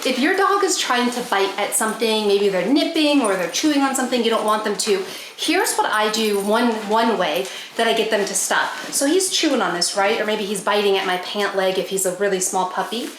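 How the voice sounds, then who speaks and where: A pet vlogger with a mid-range voice chats casually to her viewers in an animated, slightly fast way while doing chores in her bedroom at home, a bit out of breath. Now and then she talks to her dogs in a bright, coaxing voice. The room is echoey, with faint noise.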